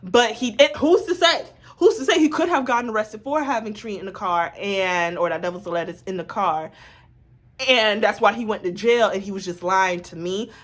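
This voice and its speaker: A woman vlogger telling a personal story in a casual, animated way, full of asides to her viewers. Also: medium pitch, moderate pace.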